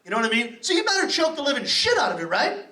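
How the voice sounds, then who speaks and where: Brash, high-voiced comedian. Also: male voice, wildly swooping pitch, pushed and bright. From Boston, USA. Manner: rapid, brash and profane, working the crowd. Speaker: stand-up comedian. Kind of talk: stand-up comedy set. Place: comedy club. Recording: roomy club sound from a distance.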